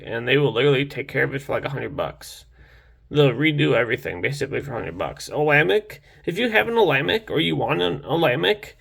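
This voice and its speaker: A man's voice: on the high side, creaky. A young man casually reviewing a knife in a rambling, enthusiastic vlog, full of restarts and fillers.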